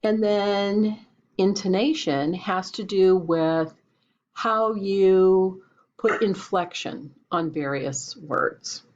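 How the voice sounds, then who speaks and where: A woman's voice: on the low side, darkish tone. A woman teacher giving a recorded lecture in an explanatory, conversational way. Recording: dull lo-fi recording.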